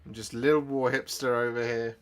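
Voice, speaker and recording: A middle-aged man chats on a live stream while he paints, with a voice of ordinary pitch. He sounds moved and often breaks into laughter as he thanks his viewers over and over. The talk is loose and unscripted. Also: level tone, fairly quick, a bit bright, smooth. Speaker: channel host.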